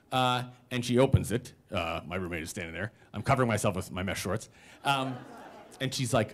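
A man in his forties performs a self-mocking, funny story from his own life before a live audience, whose laughter can be heard behind his animated impressions of other voices. His voice is mid-range.

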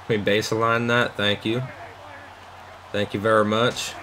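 A young man casually commentating his own football video game, swearing and shouting out loud at big plays. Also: on the low side, little pitch movement, measured pace, pauses often, soft background music. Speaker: gaming YouTuber. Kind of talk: live gameplay commentary.

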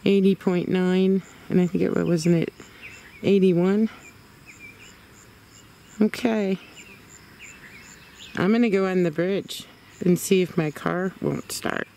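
A woman's voice: on the low side, steady tone, slow, vocal fry, pauses often, warm tone. Woman ghost hunting in the woods, asking spirits stuff, camera mic, lots of cricket noise. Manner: coaxing, asks spirits questions in short bursts. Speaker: paranormal investigator. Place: cemetery in the woods, outdoors. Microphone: handheld camera mic. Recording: noisy outdoor camera recording. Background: crickets and insects.

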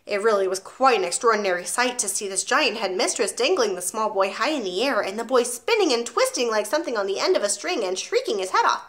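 A woman reading a children's novel aloud with expressive storytelling. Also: medium pitch, brisk, hardly any pauses. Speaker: audiobook reader.

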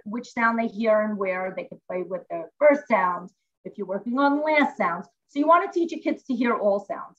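A woman's voice: on the high side, a bit bright, dull audio. A woman teacher at home, chatting animatedly as she demonstrates a classroom reading method step by step over a video call.

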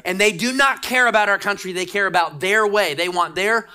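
A middle-aged man preaches a sermon with urgent, emphatic exhortation. His voice is bright and forceful, pressing each point home as a pastor. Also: sits high, fairly quick, clean tone.

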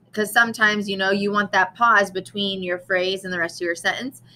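A woman's voice: mid-range voice, bright, forceful tone, poor audio. A woman teacher giving a recorded lesson in a casual way, with frequent ums and restarts and an occasional cough. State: coughing now and then.

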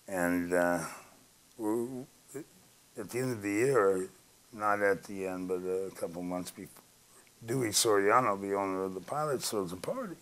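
Give me a former ballplayer telling a loose, rambling story and doing the voices. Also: male voice, sits low, poor audio. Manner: rambling anecdotes, plays out dialogue. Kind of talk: storytelling interview.

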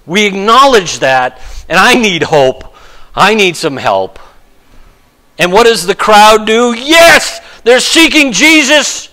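A male pastor giving a conversational sermon, lively and self-deprecating, acting out quotes with sudden shifts of voice. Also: high voice, slow pace, pauses often, low-quality recording.

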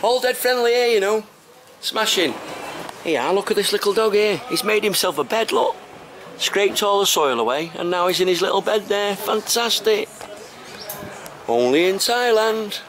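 An enthusiastic Englishman with an English accent and a fairly high voice talks chattily while filming himself on a tropical trip. The camera audio carries clear outdoor noise. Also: expressive, normal speed, a bit bright. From England. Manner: chatty, enthusiastic, keeps saying fantastic. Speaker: travel vlogger. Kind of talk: casual handheld travel vlog. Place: outdoors on a tropical island, beaches and roadside.

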